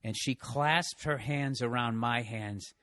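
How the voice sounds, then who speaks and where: A man's voice: medium pitch, slow, pushed and bright, dry recording. Profane storytelling man, dry sound. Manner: profane, self-mocking, laughs through the story. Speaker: podcast host. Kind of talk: rambling comic storytelling.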